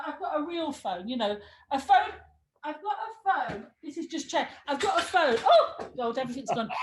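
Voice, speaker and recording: A woman on a sofa at home, telling a lively anecdote as an interview guest, laughing, trailing off and acting out the voices. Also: sits high. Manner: excitable, laughing, trailing off and restarting. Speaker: guest telling career stories.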